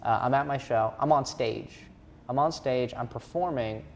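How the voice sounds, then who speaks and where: A man in his thirties, a stand-up comedian from Atlanta, telling an animated story as a podcast guest. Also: mid-range voice, normal speed, slight background noise. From Atlanta, United States. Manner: animated storyteller, acts out quotes. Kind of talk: podcast anecdote.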